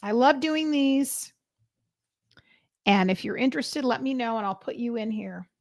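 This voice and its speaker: A woman hosting a live stream as a psychic reader, chatting casually and excitedly with her viewers. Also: on the high side, a little slow, no echo, clean studio sound.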